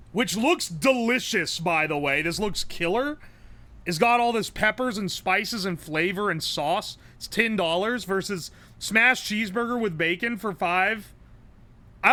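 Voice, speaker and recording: A man streaming live, commenting on a game with blunt, profane, quick reactions. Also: high voice, sharp tone.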